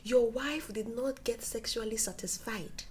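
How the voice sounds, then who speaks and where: A woman giving casual relationship advice to camera. She acts out quoted dialogue and drops into soft whispers for emphasis. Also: on the high side, measured pace, a little hiss or hum.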